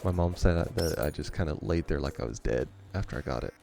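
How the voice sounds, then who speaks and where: A man's voice: rumbling low, expressive, quick pace, gravelly, a little mellow, soft background music. A man hosting a gaming channel, rambling through a story in a casual way and chuckling often between remarks. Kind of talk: casual storytelling over gameplay.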